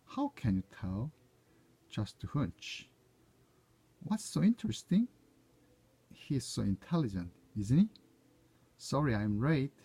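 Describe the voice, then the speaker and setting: A Korean-speaking man reads short, everyday English dialogue lines aloud one at a time to proofread them, now and then correcting himself. His voice is fairly low, mellow and expressive with a breathy edge, and he takes his time, like someone reading practice phrases.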